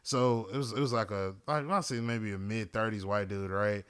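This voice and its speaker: A young man hosting a podcast, telling a story in a casual, animated and profane way. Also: fairly low pitch, moderate pace, smooth. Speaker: podcast host.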